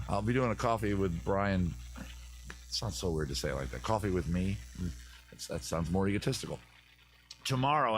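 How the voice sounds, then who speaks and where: A man's voice: medium pitch, fairly bright tone. A man from the US East Coast hosting a comedy advice live stream outdoors in his backyard, rambling and joking on tangents. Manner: rambling, jokey, riffing on tangents.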